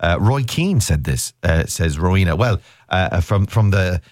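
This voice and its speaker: A man hosts a radio show, talking casually and teasing his co-host. His pitch swings widely as he chats, and he laughs easily. The studio sound is dry and close. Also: animated, unhurried, darkish tone, dry recording.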